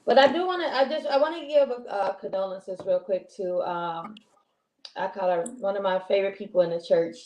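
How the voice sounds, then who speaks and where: A woman's voice: medium pitch, fairly quick, a little mellow, highs cut off, slight background noise. Chatty woman, echoey room. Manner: chatty, rambling, restarts often. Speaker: co-host. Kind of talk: casual chat show talk. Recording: roomy echo.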